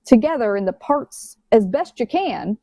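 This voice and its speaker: Emphatic woman with a mellow, dry voice. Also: a little high, lively intonation, measured pace, no room sound. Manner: emphatic, repeats words when restarting. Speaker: diabetes health coach, podcast guest. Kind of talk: casual podcast conversation.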